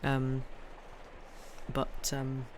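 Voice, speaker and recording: A woman's voice: a bass voice, completely flat delivery, extremely slow, darkish tone, slight background noise. A woman who streams herself reading novels aloud, chatting casually and rambling, full of ums and restarts. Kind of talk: casual chat on a live stream.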